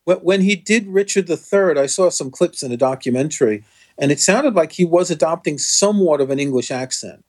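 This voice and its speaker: A man's voice: on the high side, lively intonation, a little fast, darkish tone. A man from the United States, a podcast guest in casual chat, musing aloud and often trailing off.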